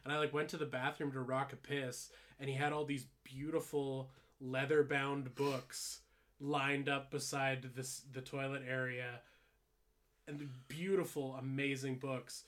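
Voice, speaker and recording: A young man on a podcast, one of its co-hosts, tells a long, rambling story at a measured pace in a level, medium-pitched, fairly bright voice. Along the way he laughs, curses freely and leans heavily on "like."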